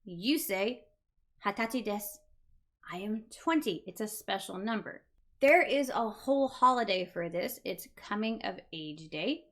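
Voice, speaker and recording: A woman's voice: mid-range voice, lively intonation, unhurried, fairly bright tone. A woman teaching a beginner Japanese lesson, patiently repeating each word for learners. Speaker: language teacher.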